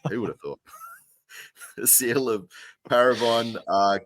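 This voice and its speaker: A man's voice: mid-range voice, measured pace, fairly bright tone, no room sound. A man co-hosting a podcast in casual chat, rambling through details with many fillers and restarts. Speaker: podcast co-host.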